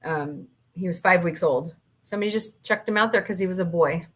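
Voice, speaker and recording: A woman's voice: on the low side, fairly quick, fairly bright tone, husky. A middle-aged woman hosting a livestream, chatting casually with viewers and telling rambling stories with mild swearing. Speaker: livestream host. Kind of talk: casual chat reading viewer comments.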